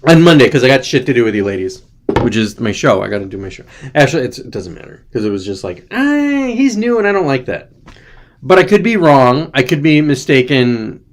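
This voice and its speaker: A man's voice: mid-range voice, lively intonation, fast talker. A young adult man hosting a casual chat show, rambling and irreverent, joking loosely, sounding tired. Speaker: host.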